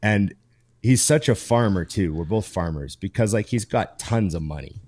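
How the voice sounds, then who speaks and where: A pro bodybuilder co-hosting a podcast, telling a story in a lively, casual way full of fillers. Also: male voice, lowish voice, moderate pace. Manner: animated storyteller with many fillers.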